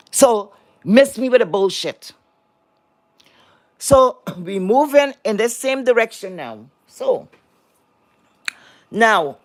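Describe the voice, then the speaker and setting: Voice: mid-range voice, no echo. A streamer vents straight at the audience in a heated rant, blunt and full of swearing. The voice keeps circling back to the same words and asks the viewers pointed rhetorical questions. The sound is dry and close, with no room around it. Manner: blunt, profane, repetitive, emphatic. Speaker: online commentator.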